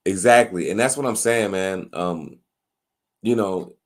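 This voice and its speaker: Man, live stream host, lowish voice, stop-start delivery, lots of fillers. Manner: halting, many restarts and fillers, reads out viewer comments. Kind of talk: casual live stream chat.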